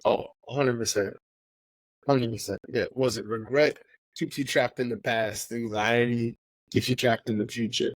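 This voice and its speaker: A man's voice: mid-range voice, normal speed, dry recording. Man, podcast co-host, emphatic, laughs easily, dry close sound. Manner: emphatic, repeats words when excited, laughs easily. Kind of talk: casual podcast conversation.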